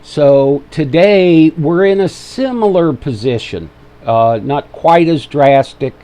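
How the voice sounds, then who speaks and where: Fairly high in pitch, his voice carries a warm tone. He speaks with an Ohio accent while hosting a casual trading webinar live, kidding around with the audience and fiddling with the levels on the desk microphone he's setting up.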